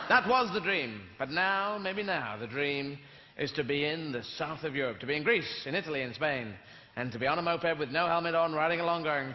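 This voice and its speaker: A man doing a stand-up comedy routine on stage, rambling and animated, often slipping into silly voices. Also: on the high side, fairly quick, echoey room, in a large hall, muffled recording, noisy background. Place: theatre stage before a live audience.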